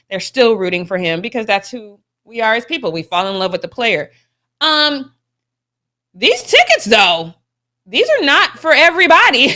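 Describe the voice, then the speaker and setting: A young adult woman co-hosting a sports show in casual chat, expressive and emphatic, laughing often. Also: sits high.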